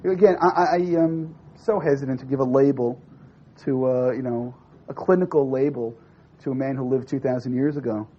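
A man's voice: medium pitch, normal speed. A man teaching a religious class, telling a story and acting out its dialogue, often asking the listeners questions. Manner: animated, acts out dialogue with rising and falling voice; asks the audience questions. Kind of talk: lecture with storytelling. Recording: dull lo-fi recording with faint noise.

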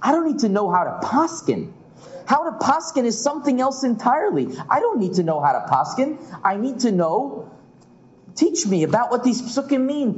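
A man's voice: very high voice, a little hiss or hum. A man teaching a Talmud class as a rabbi, acting out the sages' questions in a sing-song way. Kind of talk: lively Talmud class lecture. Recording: muffled lo-fi classroom recording.

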